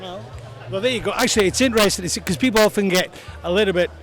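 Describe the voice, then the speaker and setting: A man's voice: sits high, fast, a bit bright, soft background music. A man interviewing guests at an evening event in an easygoing manner. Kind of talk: casual interview.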